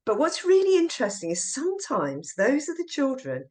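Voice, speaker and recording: Animated woman teacher trainer, podcast guest. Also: high voice, fairly quick. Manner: lively storyteller acting out classroom voices. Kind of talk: podcast interview.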